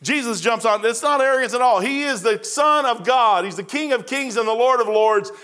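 A man's voice: very high voice, brisk, few pauses, a bit bright. A middle-aged male pastor preaching a sermon in a rambling, folksy storytelling way, with frequent restarts.

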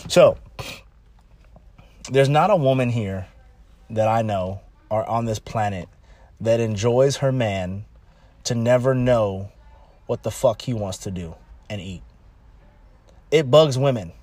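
A man from California gives frank relationship advice in a loose, rambling monologue. His voice sits at an ordinary middle pitch and jumps up high whenever he acts out a quote. The sound is dry and close, with no room around it. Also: slow pace, long pauses, no room sound. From California, United States. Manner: animated, repetitive, acts out quotes in higher voice. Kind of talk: casual monologue.

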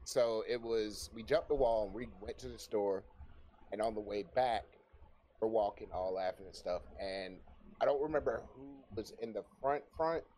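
A young adult man telling a story in a casual chat, swearing freely, animated, and often breaking into laughter. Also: fairly low pitch, normal speed, slight background noise. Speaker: podcast guest telling a story.

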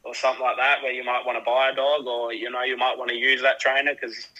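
A man as a podcast guest, chatting in an easygoing way, joking and trailing through halting starts. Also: medium pitch, little pitch movement, bright, forceful tone, muffled recording. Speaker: guest, greyhound owner. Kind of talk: casual interview chat.

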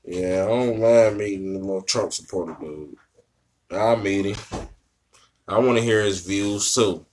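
A man with a somewhat low voice on a casual podcast. He talks bluntly in loose slang and swears freely, backing up his co-host with quick reactions. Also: darkish tone, a little hiss or hum.

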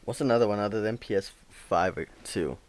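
A man's voice: fairly low pitch, brisk, a little mellow. A young man co-hosting a podcast, chatting in an easygoing way and asking questions. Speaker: podcast co-host. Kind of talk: casual chat.

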